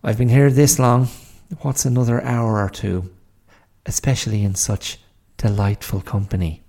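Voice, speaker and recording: Male storyteller as a tart elderly Irish woman, dry and sarcastic, gravelly dark voice. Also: on the low side, animated, measured pace, exaggerated voice. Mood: sardonic. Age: older.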